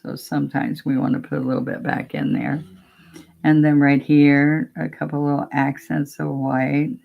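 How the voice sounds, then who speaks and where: A woman's voice: deep voice, little pitch movement, normal speed, vocal fry, phone-quality sound. A woman teaching a painting demo, chatting casually step by step and talking to herself as she works. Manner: chatty, talks to herself while working, gently coaxing. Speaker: painting instructor.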